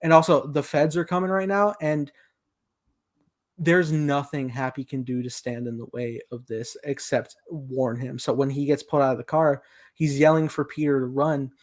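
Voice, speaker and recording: A man's voice: mid-range voice, steady tone, moderate pace, darkish tone. A young man co-hosting a casual film review podcast, animatedly retelling scenes and acting out quoted lines. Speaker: podcast co-host.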